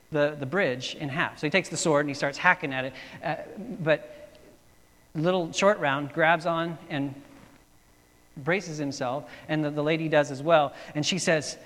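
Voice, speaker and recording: A man's voice: fairly high pitch, a bit bright, big-room sound. A man preaching a sermon as pastor, telling stories in a casual way with many fillers and restarts.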